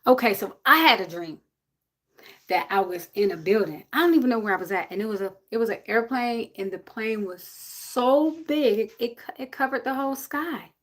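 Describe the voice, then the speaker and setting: A woman's voice, a little high and a little fast, belongs to a livestream host from Jersey City, USA. She chats casually on stream with both her viewers and her dog.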